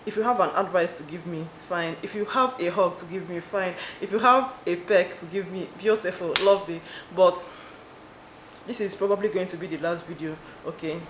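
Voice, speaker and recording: A woman's voice: on the low side, moderate pace. Young woman, rambling wry vlog talk, roomy echo, faint hiss. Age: young adult. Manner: rambling, wry, trailing off with filler "like". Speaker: vlogger. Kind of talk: casual talk to camera. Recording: echoey room with faint noise.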